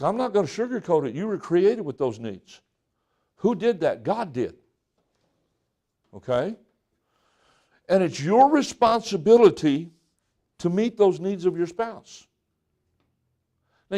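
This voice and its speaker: High-voiced man preaching a sermon. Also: dark tone. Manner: folksy, joking, acts out people's lines. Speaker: pastor.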